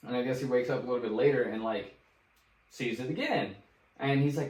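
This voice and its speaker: A young man chats loosely on a podcast, full of fillers and casual swearing. His pitch is average. He sits back from the mic, so the room echo comes through. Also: fairly quick. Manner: relaxed, swears freely, many fillers. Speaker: podcast co-host. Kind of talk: casual chat, storytelling. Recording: roomy sound, distant from the mic.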